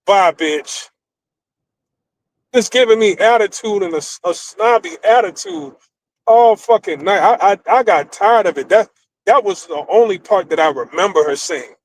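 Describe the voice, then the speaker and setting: A middle-aged American man hosting a stream, telling stories in a blunt, profane, animated way. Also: sits high, normal speed, slight background noise, rough recording. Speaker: streamer host. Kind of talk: casual storytelling rant.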